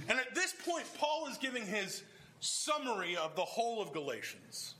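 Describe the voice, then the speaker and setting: Male pastor, middle-aged, high and lively delivery, conversational sermon with emphatic peaks. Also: moderate pace, a little hiss or hum. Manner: conversational preaching, rising to emphatic bursts. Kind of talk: expository sermon.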